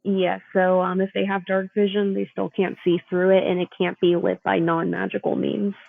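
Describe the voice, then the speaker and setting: A woman playing in a tabletop game, hesitant and filling pauses with "um". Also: medium pitch, flat delivery, gravelly, dry recording, phone-quality sound. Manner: hesitant, many "um"s. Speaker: player. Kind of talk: casual tabletop play.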